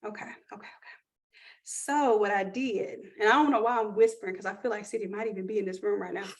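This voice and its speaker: A woman hosting a live online class, chatting and pitching course offers to her viewers in an upbeat, casual way. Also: steady tone, fast talker. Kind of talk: live-stream sales pitch.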